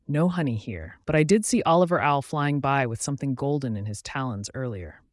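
A man's voice: mid-range voice, lively intonation, a little fast, no room sound, lightly acted. Guy reading a helpful lady fox, plain and friendly, dry close sound. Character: helpful female red fox.

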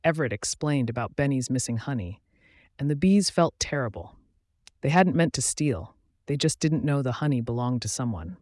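A man's voice: mid-range voice, expressive, moderate pace, a little mellow, dry recording, clean studio sound. Man soothingly narrating a bedtime story.

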